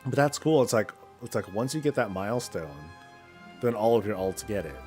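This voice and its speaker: Low-voiced man chatting on a gaming stream. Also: animated, normal speed, a little mellow. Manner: rambling, answers chat between in-game moves. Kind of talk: casual live-stream chat while gaming. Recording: faint background music.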